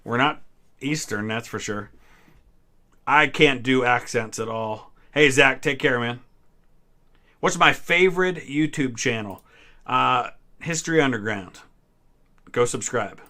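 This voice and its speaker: A history channel host in his thirties, from Ohio in the US Midwest, runs a casual live-stream trivia chat and answers viewers' questions with small hesitations. His mid-range voice is bright and forceful, and he speaks unhurriedly, pausing often.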